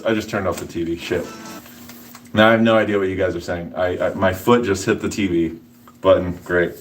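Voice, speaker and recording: A man's voice: low-pitched, fairly even intonation, a little fast. A man casually explaining nutrition to his livestream chat between workout sets, rambling and joking with viewers. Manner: rambling, answers chat, jokey asides. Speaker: fitness streamer.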